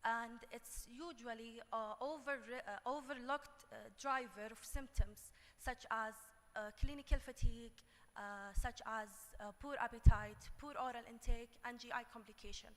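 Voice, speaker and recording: A woman giving a conference talk on clinical nutrition, halting with many fillers and restarts. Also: fairly high pitch, steady tone, fairly bright tone. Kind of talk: conference presentation. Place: conference hall. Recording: long hall reverb.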